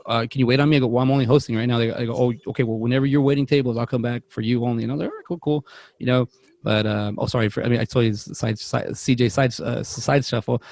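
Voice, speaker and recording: A man's voice: mid-range voice, fast talker. Rambling man telling a restaurant story. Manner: rambling, animated, acts out quotes, self-interrupting. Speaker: podcast co-host. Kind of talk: casual storytelling chat.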